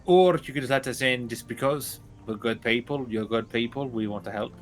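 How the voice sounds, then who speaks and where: A man's voice: medium pitch, normal speed, soft background music. A man playing in a tabletop game, talking casually and bluntly in character. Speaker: player.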